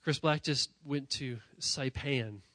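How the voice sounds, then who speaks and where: A man preaching a sermon to young people in a church, talking while sick, emphatic and direct, often repeating phrases and swinging from loud to quiet. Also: medium pitch, slow pace, dry recording. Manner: emphatic, rising to near-shouting then dropping quiet; repetitive, direct address to the audience. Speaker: youth pastor.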